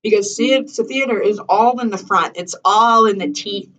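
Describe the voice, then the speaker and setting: A woman's voice: mid-range voice, moderate pace, fairly bright tone, distant mic, lo-fi sound. A woman teaching a voice lesson, chatty and encouraging, sometimes singing examples.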